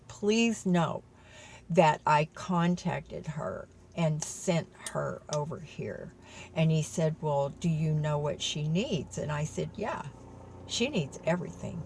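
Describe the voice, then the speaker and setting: A woman's voice: low-pitched, vocal fry, darkish tone, a little hiss or hum. A woman telling viewers a story in an earnest, tearful way, calling them y'all. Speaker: vlogger.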